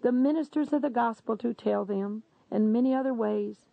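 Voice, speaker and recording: A woman voicing a grave, sorrowful divine male figure, speaking solemnly and measured. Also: a little high, gravelly, no room sound, phone-quality sound.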